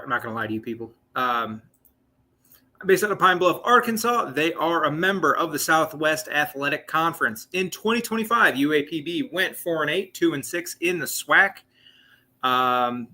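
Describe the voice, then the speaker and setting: Host type, late-20s guy, rambling live sports chat, bright edgy tone, a bit high. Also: lively intonation, normal speed. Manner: rambling, chatty, lots of fillers and asides. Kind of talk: casual live sports talk stream.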